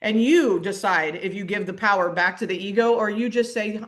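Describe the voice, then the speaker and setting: A middle-aged woman coach speaks in an animated, looping teaching style. She restarts her sentences often and breaks into laughter, and her voice sits at a middling pitch. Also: normal speed. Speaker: mindset coach. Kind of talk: casual teaching monologue.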